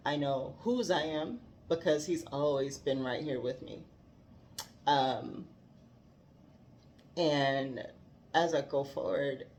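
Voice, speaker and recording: Slow, earnest woman reflecting on faith. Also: low-pitched, darkish tone, a little hiss or hum. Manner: earnest and heartfelt, laughing often.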